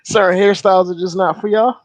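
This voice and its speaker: A man's voice: sits high, steady tone, quick pace, no room sound, rough recording. A man joining a casual podcast chat as a guest, easygoing, with small stammers. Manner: easygoing, stammers a little, laughs often.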